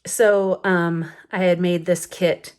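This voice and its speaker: This scrapbooking vlogger, a woman in her thirties, talks in a fairly low, steady voice that is slow, smooth, and a little mellow. She's at home late at night, paging through a photo album in a rambling, slightly sleepy chat full of fillers and small laughs.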